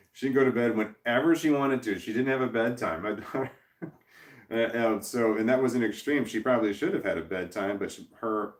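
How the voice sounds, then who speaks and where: A man's voice: on the low side, distant mic. A man casually telling a long personal story to camera, rambling and profane, with frequent restarts and chuckles. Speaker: vlogger. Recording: roomy echo, voice off-mic.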